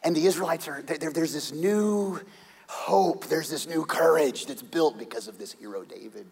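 A middle-aged man preaching a sermon as pastor, telling the story dramatically with shouts and hushed whispers. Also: on the high side, moderate pace, creaky, breathy edge, long reverb tail.

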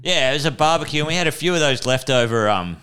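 A man's voice: mid-range voice, lively intonation, fast talker, a bit bright, smooth. A young Australian man co-hosting a casual comedy podcast in a laid-back, chatty way, swearing freely. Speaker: podcast co-host.

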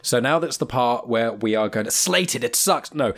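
Un uomo con britannico che conduce un podcast di cinema, chiacchierando in modo disordinato e autoironico, ridendo spesso. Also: male voice, medium pitch, lively intonation, normal speed, fairly bright tone. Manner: rambling, self-deprecating, laughs often. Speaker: podcast host. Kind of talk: casual film podcast chat.

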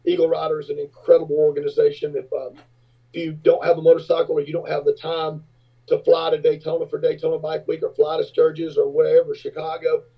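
A man telling rock road stories in a casual interview, acting out other people's voices in a high pitch. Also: slightly rough. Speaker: rock singer and businessman, guest. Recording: dull lo-fi remote audio.

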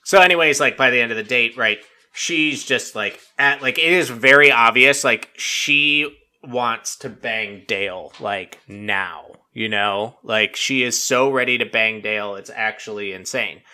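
A man's voice: medium pitch, normal speed, smooth. A man hosting a podcast, recapping a show in casual, rambling chat full of swearing and filler words. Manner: rambling and profane, heavy use of "like"; animated storytelling with mock quotes. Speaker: podcast host recapping a reality dating show.

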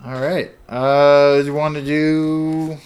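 A man's voice: a little high, little pitch movement, takes it slowly, a little mellow. A man from the US West Coast co-hosting a comedy podcast, chatty and rambling in his explanations. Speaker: podcast co-host. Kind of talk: casual chat.

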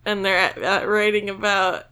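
A woman's voice: medium pitch, little pitch movement, normal speed, sharp tone, a little hiss or hum. A woman co-hosting a casual podcast, playful and giggly, presenting news segments. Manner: giggly, playful, stumbles into laughter. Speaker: podcast co-host.

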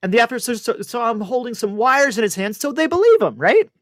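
High-voiced man telling a news story. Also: a little fast, dry recording, studio quality. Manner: animated storyteller, puts on voices for quoted people. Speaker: radio co-host. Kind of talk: casual radio show chat, telling a news story.

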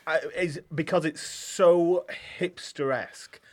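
A man's voice: fairly high pitch, steady tone, slow. A man co-hosting a casual podcast, blunt and cracking crude jokes. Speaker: podcast co-host. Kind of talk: casual chat.

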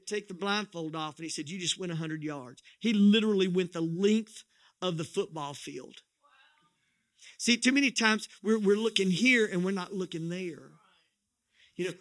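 A man's voice: high-pitched, a bit bright, no room sound, studio quality. A middle-aged man preaching a sermon as pastor, telling a story in a folksy, joking way with many restarts.

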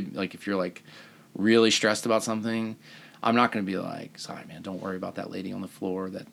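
A man's voice: deep voice, vocal fry, fairly bright tone. A man, a surgeon hosting a podcast, telling rambling self-mocking stories in casual chat.

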